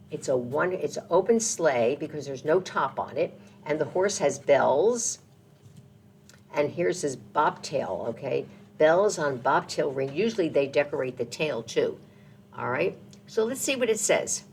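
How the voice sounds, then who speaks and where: A woman's voice: deep voice, animated, a little slow, slight background noise. Sing-song woman reading to children. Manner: gentle, sing-song, with sound effects. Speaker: children's librarian. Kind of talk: children's storytime read-aloud.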